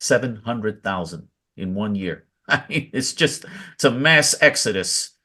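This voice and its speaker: A man's voice: on the low side, expressive, a little slow, sharp tone. A male host in casual political commentary, talking emphatically with short interjections.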